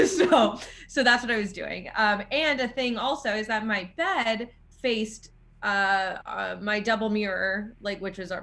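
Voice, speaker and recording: A young woman co-hosting a podcast, telling a funny personal story in casual chat and laughing as she goes. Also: mid-range voice. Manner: animated, laughs while telling stories. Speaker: podcast co-host.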